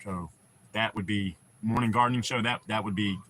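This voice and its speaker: A man's voice: fairly low pitch, fairly even intonation, normal speed, fairly bright tone, slight background noise. A young American man hosting a casual livestream, telling rambling, profane stories to his chat. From United States. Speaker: livestream host.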